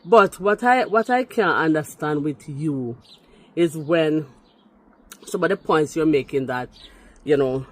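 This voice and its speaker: A middle-aged speaker from Jamaica with a Jamaican accent, delivering a heated response rant, emphatic and indignant, slipping into patois and jumping up in pitch on every rebuttal. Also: a little slow, long pauses. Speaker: vlogger responding to another video.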